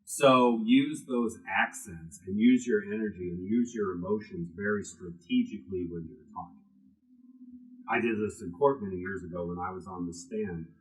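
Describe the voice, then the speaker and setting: A man with a slightly low voice lectures a class in a gallery room, swinging his emphasis up and down as he goes. He keeps a loose, conversational tone with plenty of asides to the audience. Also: moderate pace, rough recording. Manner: animated, strongly varied emphasis, conversational asides. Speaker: class teacher.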